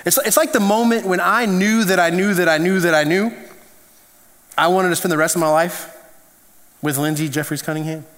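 A man preaching in a loose, storytelling way, repeating words as he builds his point. His voice sits high for a man. A long reverb from the hall trails each phrase. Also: moderate pace, long pauses. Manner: animated, conversational storytelling with restarts. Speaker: pastor. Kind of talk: sermon.

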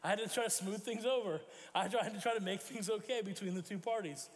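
A man's voice: sits high, fast, in a large hall. A man preaching a sermon as pastor, telling stories and acting out quoted voices. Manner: storytelling with acted quotes and self-corrections. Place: church sanctuary.

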